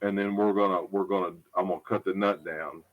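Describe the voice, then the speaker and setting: A man's voice: low voice, fairly even intonation, fairly quick, phone-quality sound, background noise. A middle-aged man who repairs guitars, talking casually and bluntly, rambling, repeating himself and swearing. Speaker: guitar repair tech and product maker. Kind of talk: casual live product talk. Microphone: unsure where the mic is.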